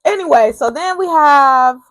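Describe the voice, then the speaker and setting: A woman's voice: high voice, expressive, unhurried, fairly bright tone, dry recording. A woman casually recapping a TV soap episode, retelling scenes with quoted lines and personal asides.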